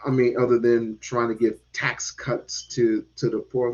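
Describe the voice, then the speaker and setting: A man talking politics in a casual chat, animated and given to repeating words and casual swearing. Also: medium pitch, a little slow. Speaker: podcast host. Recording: dull lo-fi sound.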